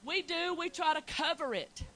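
A woman preaching a sermon, building from quiet storytelling to loud, shouted preaching. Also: sits high, normal speed, slight background noise, low-quality recording.

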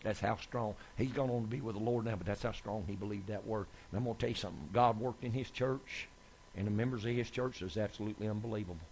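A man preaching a sermon, telling folksy testimony stories that build to excited shouts. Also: lowish voice, quick pace, a little hiss or hum. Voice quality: gravelly, husky. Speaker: evangelist preacher.

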